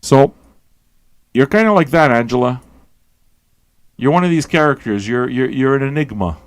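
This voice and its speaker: A man hosting a radio show, rambling and swearing as he questions everything aloud, tired and high. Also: animated, moderate pace, dry recording. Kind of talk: casual rambling talk to listeners.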